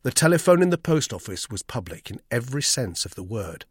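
A man's voice: mid-range voice, sing-song, a little fast, slightly rough, no echo, clean studio sound. A man reading a thriller novel aloud as its first-person narrator. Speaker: audiobook narrator. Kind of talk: scripted narration.

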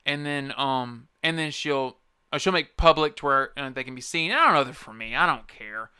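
Bright, crisp-voiced man ranting on a podcast. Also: mid-range voice, moderate pace, dry recording, clean studio sound. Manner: profane, rambling, emphatic. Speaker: podcast host. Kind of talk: casual ranting monologue. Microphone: close podcast mic.

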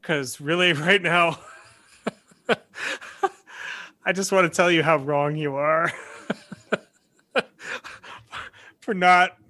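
Male co-host, teacher, fairly high bright voice, animated anecdotes with laughs. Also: takes it slowly, pauses often. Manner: animated storytelling, laughs often, restarts. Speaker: podcast co-host, college teacher. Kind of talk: casual chat.

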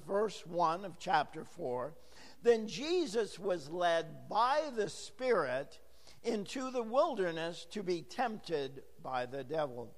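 A hoarse, gravelly-voiced man preaching a verse-by-verse sermon as pastor, chatting with jokes to the congregation in a church. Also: high-pitched, big-room sound. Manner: chatty, joking asides to the congregation. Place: church sanctuary.

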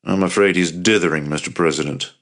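A man voicing a formal, worried government official, measured in manner, in an audiobook. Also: deep voice, fairly bright tone. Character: male secretary of state, worried and formal.

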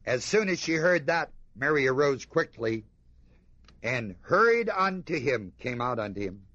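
A man preaching a sermon, reading scripture aloud and commenting on it with emphatic rhetorical questions, dropping to a hush and then rising with fervor. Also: mid-range voice, big pitch swings, a little slow, no echo, muffled recording. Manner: emphatic, rhetorical questions to the congregation, swings between hushed and fervent.

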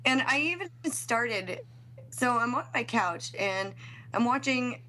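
A woman in her thirties co-hosting a casual comedy podcast, sarcastic and quick with judgy asides. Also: on the high side, animated, pushed and bright. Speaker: podcast co-host.

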